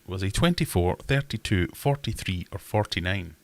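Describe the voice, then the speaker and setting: A man's voice: deep voice, animated, normal speed, vocal fry, a bit bright. A man in his twenties hosting a livestream quiz in a casual, jokey and self-mocking way, reading questions aloud. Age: 20s. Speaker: livestream host and quizmaster.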